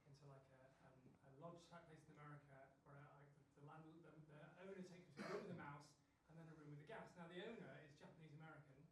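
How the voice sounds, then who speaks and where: A man in the audience asking a question, halting with many fillers. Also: on the high side, steady tone. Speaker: audience member. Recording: very echoey, distant, faint noise.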